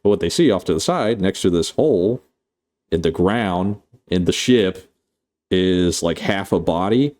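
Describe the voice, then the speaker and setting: Man, low voice, mellow tone, rambling, profane, casual streamer. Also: lively intonation, measured pace. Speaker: streamer reviewing a film. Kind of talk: casual live-stream chat.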